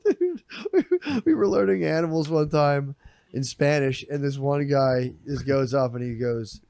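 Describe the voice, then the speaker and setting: A man's voice: mid-range voice, lively intonation, measured pace, gravelly, a little mellow, no echo, studio quality. A man co-hosting a comedy podcast, telling stories in casual chat, laughing often and acting out the voices of people he quotes. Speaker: podcast co-host.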